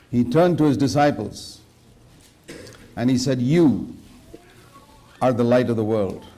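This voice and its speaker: A man's voice: mid-range voice, dark tone. A man preaching a sermon in an earnest way, quoting scripture and questioning his listeners directly. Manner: quotes scripture verse by verse.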